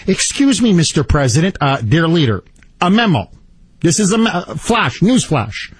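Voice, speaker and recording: A man's voice: on the high side, big pitch swings, moderate pace, breathy edge, no echo. A man hosting a talk radio show, ranting in a combative, sarcastic way into a studio microphone. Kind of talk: political talk radio monologue.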